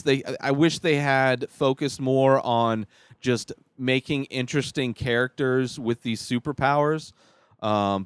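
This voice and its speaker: Male host, mid-pitched smooth voice, dry close sound, rambling critical movie-review chat. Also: fairly bright tone, no room sound. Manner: rambling, halting, many restarts and fillers; exasperated, critical. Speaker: podcast host reviewing a film. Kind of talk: casual spoken movie review.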